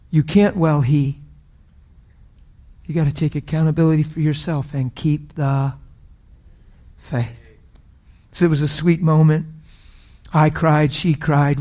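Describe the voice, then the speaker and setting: A middle-aged man preaching a sermon with a somewhat high-pitched voice. He tells his story with strong emotion, rising loud and then dropping to a hush. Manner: emotional storytelling, shifts from loud to hushed whispers. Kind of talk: sermon testimony.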